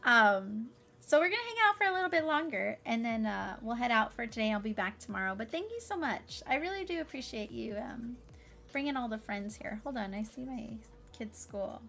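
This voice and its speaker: Bubbly high-voiced woman streamer. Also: lively intonation, brisk, creaky, fairly bright tone. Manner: bubbly and effusive, frequent laughter and fillers. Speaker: variety streamer. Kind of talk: casual livestream chat.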